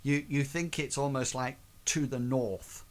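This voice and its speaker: A man narrating as game master in a tabletop game, halting and restarting often. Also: mid-range voice, fairly even intonation.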